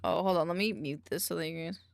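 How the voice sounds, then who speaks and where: A woman's voice: lowish voice, fairly even intonation, fast talker, vocal fry, no echo. A woman streamer chatting casually and mumbling to herself while she edits videos.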